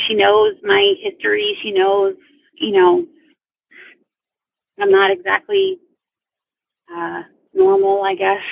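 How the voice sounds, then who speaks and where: A woman's voice: extremely high pitch, gravelly, dry recording. A woman calling in to tell a personal ghost story, hesitant and full of ums and restarts, in casual storytelling. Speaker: caller telling a ghost story. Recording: dull lo-fi phone-line sound.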